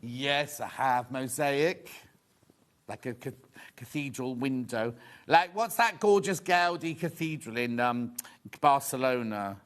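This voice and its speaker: A man's voice: medium pitch, expressive, slow pace. A man presenting a live shopping show, with cheerful, chatty sales patter and asides to the crew behind the camera. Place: TV studio.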